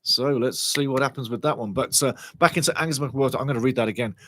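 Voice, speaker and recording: A man hosting a live football watchalong, chatting excitedly, reading out viewers' comments and swearing casually. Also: mid-range voice, fast, dry recording. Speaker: watchalong host.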